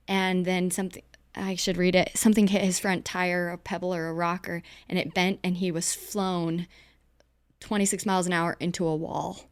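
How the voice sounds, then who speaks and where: Earnest woman with a smooth, dry voice. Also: lowish voice, little pitch movement, moderate pace, no echo. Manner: earnest, rambling, emotional at times. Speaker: podcast co-host. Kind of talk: casual podcast chat.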